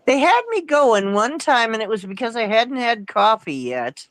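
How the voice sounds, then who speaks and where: A woman in a casual group chat, telling jokey stories in a lively way. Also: fairly high pitch, moderate pace, dry recording.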